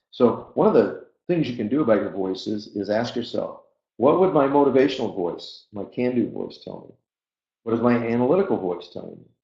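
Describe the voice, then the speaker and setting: A man giving a motivational webinar talk, speaking in an earnest, reflective way with hesitant pauses. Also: lowish voice, vocal fry. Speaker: webinar presenter. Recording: dull, lo-fi audio in an echoey room.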